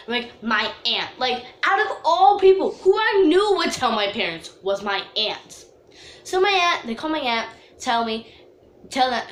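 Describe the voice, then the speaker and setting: A young woman telling a storytime vlog, chatty with lots of "like", dramatically reenacting herself wailing in a high voice. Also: reverberant, a little hiss or hum. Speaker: vlogger.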